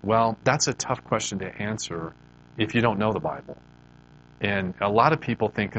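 A man with a fairly low voice gives an earnest, conversational devotional talk. He speaks with faith, and often restarts his sentences with repeated words. A faint hum sits behind him. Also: animated, normal speed, a bit bright, muffled recording. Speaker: Christian speaker.

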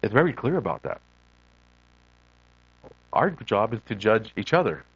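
Speaking in a lowish, unhurried voice on a dry, muffled recording, a middle-aged missionary and lay preacher delivers a sermon without a script. He tells personal stories earnestly and acts out each voice he quotes with animation.

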